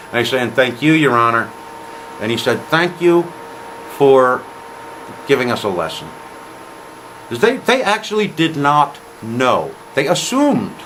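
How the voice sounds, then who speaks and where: A man recounting his own story to camera with a lively, swooping pitch. He acts out the other people's lines as he goes. A faint air-conditioning hum sits under his voice. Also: poor audio. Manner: animated retelling, quotes others in dialogue. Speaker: vlogger.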